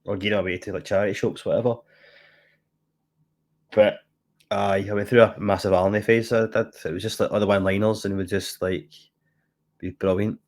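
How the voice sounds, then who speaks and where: Guy rambling about films, low voice, chatty and easygoing. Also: steady tone, fairly quick, long pauses, a little mellow. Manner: chatty, rambling, easily amused. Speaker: podcast co-host. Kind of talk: casual chat.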